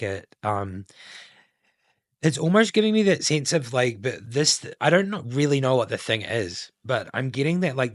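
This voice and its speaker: This tarot reader has a mid-range voice, recorded clean in a studio with no echo. He gives his channel viewers a casual collective reading, meandering through intuitive musings packed with filler likes.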